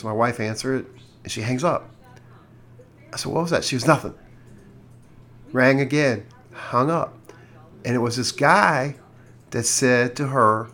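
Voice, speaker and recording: Rambling, halting male radio host. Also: mid-range voice, fairly bright tone. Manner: rambling, halting, with many restarts and fillers. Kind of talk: casual radio chat and storytelling.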